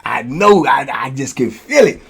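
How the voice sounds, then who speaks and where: A man telling stories from prison in a casual, animated way, acting out blows with sound words. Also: medium pitch, a little slow, gravelly. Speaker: storyteller, host.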